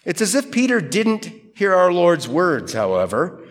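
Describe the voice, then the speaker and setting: Animated man preaching a sermon. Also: high-pitched, measured pace, few pauses. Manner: conversational, animated quoting of Peter and Jesus. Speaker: pastor. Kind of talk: expository sermon.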